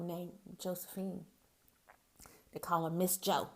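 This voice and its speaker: A woman's voice: on the low side, little pitch movement, measured pace, pauses often, a little mellow. A woman from Mississippi with a Southern accent, speaking in a candid, folksy personal monologue as a podcast host who calls her listeners "baby".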